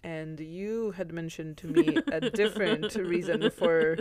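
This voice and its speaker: A woman's voice: lowish voice, over a noisy crowd. A young woman co-hosting a podcast, reading her researched notes with frequent fillers, restarts and laughs. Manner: halting, many fillers and restarts, giggly. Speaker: podcast co-host. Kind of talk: casual chat presenting researched notes.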